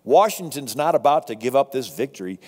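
A man lecturing on history, telling it as a lively story to a live audience with asides. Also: mid-range voice, brisk, big-room sound. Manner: animated, conversational storytelling with asides. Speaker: speaker on history.

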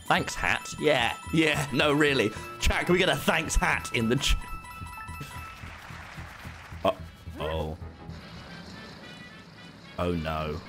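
A man streaming a game live, excitable and swearing, talking back to his chat. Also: mid-range voice, slow, long pauses, over music. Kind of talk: live gameplay commentary.

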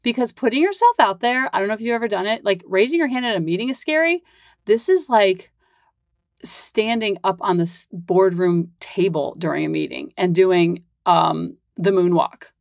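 A woman's voice: mid-range voice, lively intonation, normal speed, gravelly, no echo, studio quality. A woman hosting her own parenting podcast, chatting casually in a Valley-girl-ish way full of "like". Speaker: podcast host and parent coach.

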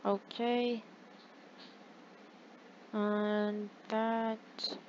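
A woman giving casual commentary over her own gameplay, excitable and chatty with her viewers, gasping and groaning at every setback. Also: medium pitch, drawn-out words, muffled recording, slight background noise. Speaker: gaming channel host.

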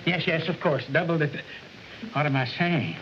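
An actor playing a flustered record boss. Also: male voice, fairly high pitch, normal speed, a little hiss or hum, close to an everyday voice. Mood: coaxing. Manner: blustering, then coaxing. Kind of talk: 1940s film acting. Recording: dull old film soundtrack.

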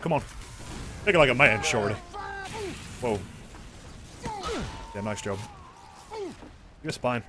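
Excitable young man streaming a game. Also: medium pitch, slow, long pauses, music in the background. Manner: excitable, swears a lot, yells at the game. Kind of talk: live gameplay commentary.

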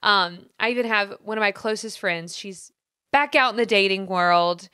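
A woman's voice: mid-range voice, moderate pace, sharp tone, clean tone, no echo, clean studio sound. A woman co-hosting a podcast, responding in a supportive, affirming way in casual conversation. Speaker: podcast co-host.

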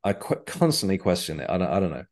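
Guest voice: man, low-pitched, rambling and chatty storyteller. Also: very animated, fast, a little mellow. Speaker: guest, medium and author. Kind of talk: casual interview chat.

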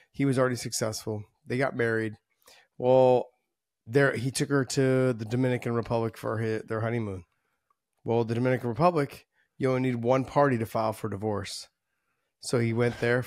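A man's voice: mid-range voice, no room sound, clean studio sound. A man co-hosting a casual sports podcast, talking through fights in a chatty, analytical way. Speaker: podcast co-host.

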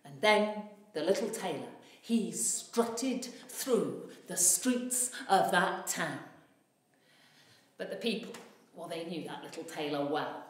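A woman storyteller telling a folktale aloud in an animated way, swelling in loudness at the dramatic moments. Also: fairly low pitch, slow. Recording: echoey room.

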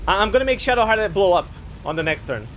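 A man giving casual let's-play commentary while he games, excitable, profane and often exasperated. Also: high-pitched, fast talker, slight background noise. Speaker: gaming video host.

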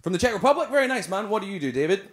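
A man's voice: high voice, very animated, very fast. A Scottish man doing stand-up crowd work, teasing and profane, laughing as he talks. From Scotland. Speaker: stand-up comedian. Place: comedy club. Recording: live club mic with noise.

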